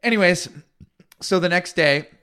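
Fluchender Mann aus Kanada erzählt Anekdoten. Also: male voice, sits high, unhurried, smooth. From Canada. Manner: swearing storyteller, animated quoting. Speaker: podcast co-host. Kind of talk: casual chat.

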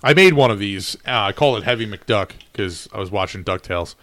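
Homebrewer co-host, animated pitch, dry close sound, explainer in casual banter. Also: male voice, a little fast, dry recording. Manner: explains beer styles in detail, hedging. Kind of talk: casual chat.

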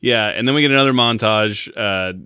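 A man's voice: fairly low pitch, brisk, bright, forceful tone, smooth, no echo, clean studio sound. A man on a podcast casually recapping a movie, joking and swearing as he acts out the characters' lines. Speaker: podcast co-host.

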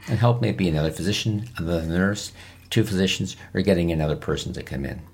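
A man's voice: sits low, quick pace, vocal fry, darkish tone, breathy edge. A man, a physician, giving emphatic, repetitive coaching advice as an interview guest. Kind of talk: instructional interview answers.

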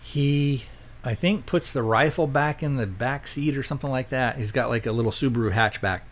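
Male podcast host, mid-pitch, casual rambling plot recap with offhand quoted lines. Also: normal speed. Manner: rambling, quotes characters loosely, lots of fillers. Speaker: podcast host reviewing films.

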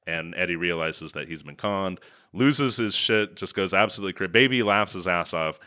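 A man co-hosting a podcast, casually recapping a film with animated storytelling and sudden loud impressions. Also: low voice, moderate pace. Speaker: podcast co-host. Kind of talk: casual movie recap chat.

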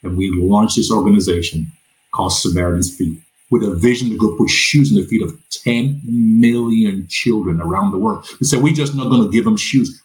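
A middle-aged Nigerian man, appearing as an interview guest, recounts his life story in a lowish voice over a rough recording. He imitates the voices of the people he quotes and frequently repeats words.

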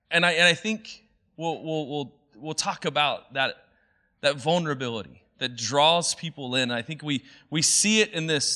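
A man in his thirties gives a loose, conversational sermon, stringing thoughts together with lots of "like" and "um". His voice sits a touch high for a man and rings bright and forceful. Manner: chatty, many fillers, quoting movie lines in playful voices. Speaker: pastor.

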